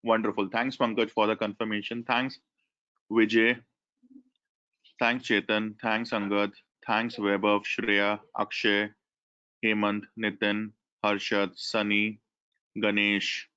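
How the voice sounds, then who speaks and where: A man's voice: lowish voice, little pitch movement, slow, bright, forceful tone, smooth. Coordinator, Indian English man, chatty webinar host, muffled lo-fi call audio. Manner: chatty, thanks attendees by name. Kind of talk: online class host instructions.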